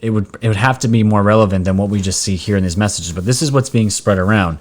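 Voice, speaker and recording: Man, vlog host, low voice, chatty, excitable, addresses viewers directly, casual commentary. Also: fast talker.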